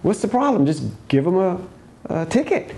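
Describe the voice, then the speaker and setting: A man doing a high, impatient sergeant. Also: sing-song, normal speed, mellow. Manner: impatient, questioning. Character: impatient police sergeant, male, gruff.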